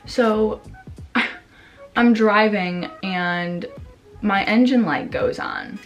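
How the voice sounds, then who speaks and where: A woman's voice: mid-range voice, very slow, dull audio, faint music behind. A young woman vlogger casually telling a story to her camera, rambling with lots of fillers, swearing and acting out her own reactions.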